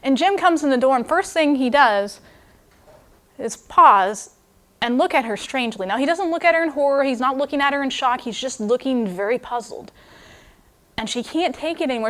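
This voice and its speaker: Young woman preaching, fairly high voice, lively storytelling, chatty and expressive. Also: moderate pace. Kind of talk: sermon storytelling.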